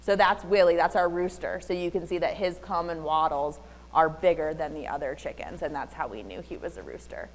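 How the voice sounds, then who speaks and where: A woman giving an animated, chatty talk at a public library, now and then slipping into a high baby voice. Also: a little fast, big-room sound. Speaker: library presenter. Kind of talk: community talk with slides. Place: public library meeting room.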